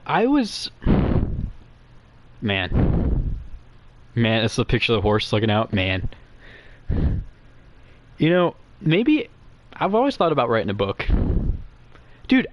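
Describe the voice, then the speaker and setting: A man's voice: mid-range voice, huge pitch swings, a little hiss or hum. A young man rambling crudely and nervously as a guest to some streamers, giggling as he goes. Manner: nervous, quick and quiet. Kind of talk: rambling comedic chat.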